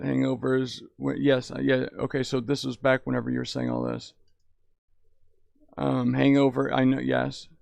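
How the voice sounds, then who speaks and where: A man's voice: medium pitch, vocal fry, darkish tone, clear, resonant tone, dry recording. A young man streaming in VR, chatting casually and rambling, swearing a lot and saying "dude". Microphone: headset in VR.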